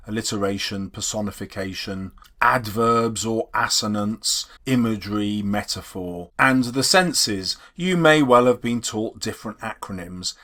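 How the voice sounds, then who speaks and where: A man's voice: mid-range voice, a bit bright. English guy teaching poetry, voice goes up and down a lot, leans on key words. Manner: explanatory, stresses key words slowly. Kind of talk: poetry analysis lesson.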